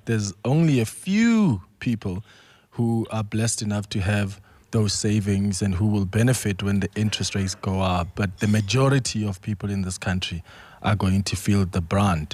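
A man hosts a talk radio show in a measured, conversational way. His voice is low and sits close to a dry studio mic. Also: darkish tone, no echo. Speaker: radio host.

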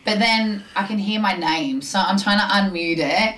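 A young woman chats on a casual radio show, wandering through a long story and putting on the voices of the people in it. Her voice sits at a middle pitch. A faint hiss sits under the recording. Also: normal speed, fairly bright tone. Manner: rambling storyteller, acts out quotes. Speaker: radio co-host. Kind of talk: casual chat.

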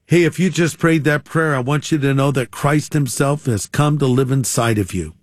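A man's voice: mid-range voice, normal speed, no echo. Pastor guy on christian radio, earnest, plain talk, dry close mic. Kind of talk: radio sermon, leading a prayer.

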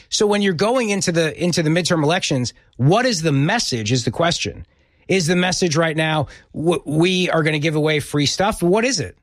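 Male radio host, middle-aged, emphatic, fairly high voice, dry close sound. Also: no echo. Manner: emphatic, repeats words when pressing a point. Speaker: radio talk show host. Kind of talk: opinionated political talk radio.

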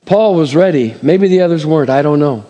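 A man's voice: a little high, expressive, brisk, mellow, long reverb tail, muffled recording. A man preaching a sermon, reading scripture aloud and acting out the voices with dramatic swings and chuckles. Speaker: pastor.

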